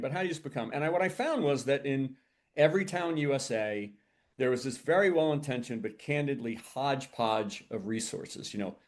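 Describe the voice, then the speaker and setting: A middle-aged man speaks quickly at a mid pitch, telling a business story to an interviewer. He brings quoted conversations to life, swinging up in pitch when he plays other people. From United States. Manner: animated, acts out quoted dialogue. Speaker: podcast guest, entrepreneur.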